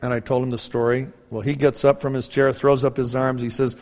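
A middle-aged man preaching a personal testimony, telling his story in a lively way and acting out the dialogue. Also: mid-range voice, a little fast. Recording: reverberant hall.

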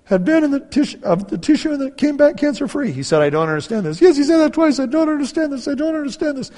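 A man voicing his astonished middle-aged wife in a strained, high voice, quoting her during a spoken testimony. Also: expressive, quick pace, warm tone, big-room sound.

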